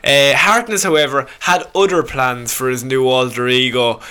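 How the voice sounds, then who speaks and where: A man's voice: mid-range voice, fairly even intonation, normal speed, sharp tone, clean tone. A young man co-hosting a podcast, retelling a comic-book story in a casual, playful way and laughing often. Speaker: podcast co-host.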